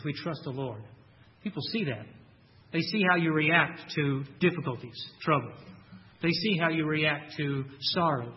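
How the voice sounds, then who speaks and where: A man's voice: fairly high pitch, muffled recording. A man preaching a sermon in an earnest way, repeating key phrases and quoting scripture. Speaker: pastor.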